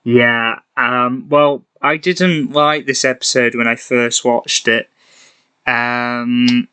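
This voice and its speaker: A young man with a mid-pitched, bright and forceful voice, co-hosting a casual podcast. He is chatty and self-deprecating, laughs often and restarts his sentences. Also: steady tone, takes it slowly, clear, resonant tone. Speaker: podcast co-host.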